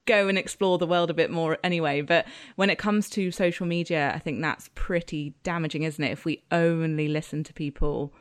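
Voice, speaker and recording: Low-voiced woman interviewer, chatty. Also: fairly even intonation, a little fast, few pauses, clean tone, no room sound, studio quality. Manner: chatty, hesitant, trails into asides. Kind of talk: casual interview chat.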